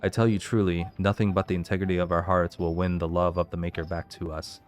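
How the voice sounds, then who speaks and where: A man's voice: low voice, flat delivery, fast, faint music behind. A man hosting a let's play, reading game lore entries aloud and stopping now and then to puzzle over how to say a name.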